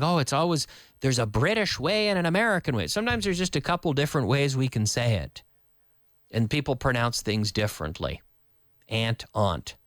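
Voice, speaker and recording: A man's voice: medium pitch, a bit bright, dry recording, studio quality. A man teaching a live online English lesson, explaining with repeated example sentences, glossing words in Spanish and answering viewer comments.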